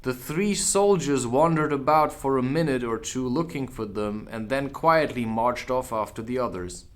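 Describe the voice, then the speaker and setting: A man reading a children's classic aloud as an audiobook, with casual asides. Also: medium pitch. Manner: unhurried, expressive, drops in casual asides. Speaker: audiobook reader. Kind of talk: audiobook narration.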